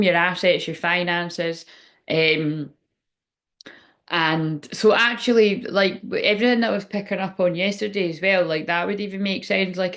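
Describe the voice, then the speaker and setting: A woman gives a casual, rambling live tarot reading. Her voice has a gravelly, fried edge, and she drifts between thoughts and swears freely. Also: sits low. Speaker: tarot reader.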